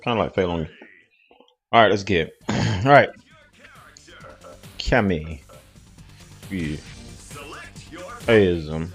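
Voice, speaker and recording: A man's voice: sits low, extremely slow, long pauses, slightly rough, faint music behind. A man, casually commentating a fighting game on a live stream in a loose, slangy, rambling way. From southeast England.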